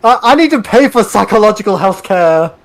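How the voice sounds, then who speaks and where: A man's voice: sits high, expressive, fairly quick, vocal fry, a crowd in the background. A man with an Australian accent, a guest on a casual online stream, talking in a laid-back, dry, teasing way.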